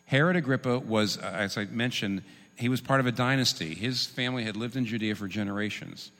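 A man preaching a sermon, teaching in an animated, humorous way with quick asides. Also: medium pitch. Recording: long reverb in a large hall.

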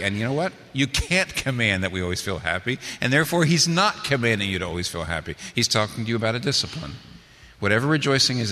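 A male pastor preaching a sermon with a bright, forceful voice. He leans on rhetorical questions and climbs to emphatic peaks. His voice rings with the long reverb of a large hall. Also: medium pitch.

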